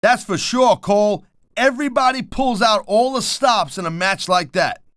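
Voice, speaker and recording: A man's voice: sits high, normal speed, a bit bright, dry recording, clean studio sound. A middle-aged man doing color commentary for a wrestling video game, blunt and wisecracking with tough-guy slang.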